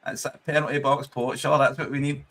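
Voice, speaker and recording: A man's voice: mid-range voice, flat delivery, a little fast, a bit bright. A young Scottish man hosting a football watchalong stream, chatting casually with viewers, swearing freely and laughing often. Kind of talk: casual live-stream commentary and chat.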